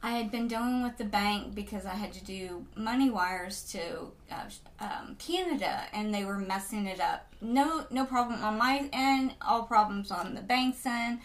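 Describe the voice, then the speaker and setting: A woman co-hosting a casual chat, an animated storyteller who acts out quotes with big jumps in pitch. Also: moderate pace, few pauses.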